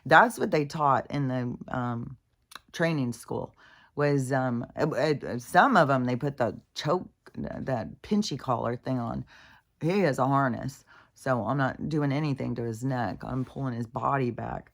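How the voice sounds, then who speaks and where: Worn-out woman vlogger with a gravelly voice, swearing and rambling in casual monologue. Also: a bass voice, measured pace. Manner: profane, venting, full of fillers. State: in pain, worn out.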